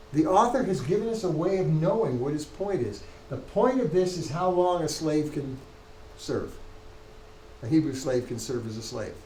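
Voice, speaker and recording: A man's voice: on the high side, a little mellow, reverberant, slight background noise, low-quality recording. A man teaching a university class, explaining points emphatically and restarting phrases as he goes. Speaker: professor. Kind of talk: university lecture.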